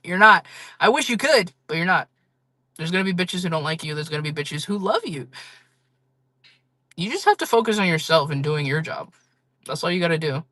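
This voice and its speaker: Blunt, bright-voiced woman streamer. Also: fairly low pitch, no room sound. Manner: blunt, frank talk with frequent laughs and swearing. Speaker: livestream seller chatting with viewers. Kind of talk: casual livestream chat.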